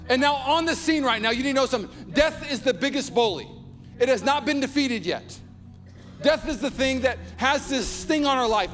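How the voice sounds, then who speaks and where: A young adult male pastor preaching a sermon with lots of energy, shouting out lines and acting out quoted voices. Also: extremely high pitch, long reverb tail. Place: large church hall.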